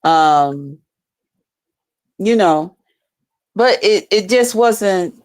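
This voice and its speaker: A woman's voice: medium pitch, drawn-out words. A woman telling a story to her viewers in a casual vlog, cursing freely and calling them y'all. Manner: profane, animated, addresses viewers as y'all. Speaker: YouTuber telling stories to viewers.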